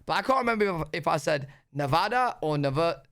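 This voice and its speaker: A man's voice: a little high, expressive, fast talker, gravelly, fairly bright tone. A British man reacting casually, stumbling over words and using slang. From Britain. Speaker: reaction streamer.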